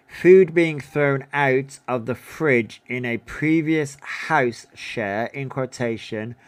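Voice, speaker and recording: A livestream host with a smooth, medium-pitched male voice works through a numbered list in casual commentary, tossing in offhand remarks along the way.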